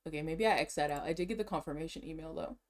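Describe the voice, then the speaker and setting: Excitable young-sounding woman streamer. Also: low-pitched, rapid-fire, a little hiss or hum. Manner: excitable, talks to herself, slangy, laughs often. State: out of breath. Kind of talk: casual chat while browsing online.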